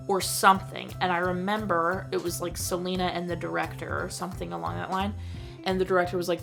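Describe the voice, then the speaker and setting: A young woman casually gushing about a movie she reviews, full of slang, quoting scenes in lively put-on voices. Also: on the low side.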